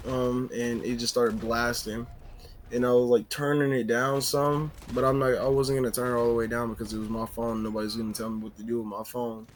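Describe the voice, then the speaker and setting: A man telling a casual story on a vlog, animated and full of fillers. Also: medium pitch, slight background noise.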